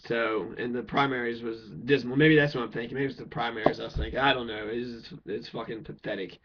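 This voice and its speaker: A man's voice: mid-range voice, fairly even intonation, a little fast, slight background noise. Heated man ranting, lo-fi. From Kentucky. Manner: blunt, heated, swearing, rhetorical questions. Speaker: political speaker. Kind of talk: profane political rant. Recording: dull lo-fi recording.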